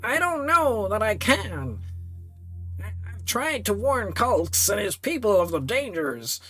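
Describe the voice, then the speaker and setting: Man doing a wary old priest, high-pitched. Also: sing-song, slow pace, sharp tone, soft background music, exaggerated voice, low-quality recording. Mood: wry, worried. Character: aging male priest, failing eyes, sharp-witted and wary.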